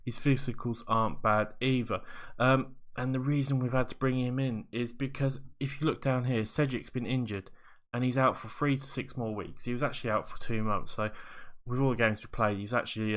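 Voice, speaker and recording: A man giving casual commentary over a football management game, rambling and correcting himself as he goes. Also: medium pitch. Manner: rambling, self-correcting, upbeat. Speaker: video game streamer.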